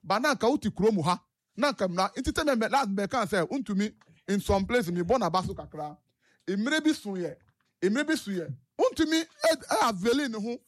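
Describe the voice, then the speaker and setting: A man's voice: high voice, expressive, brisk. A man with a Ghanaian English accent, calling in to a talk show and giving impassioned political commentary with rhetorical questions. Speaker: caller.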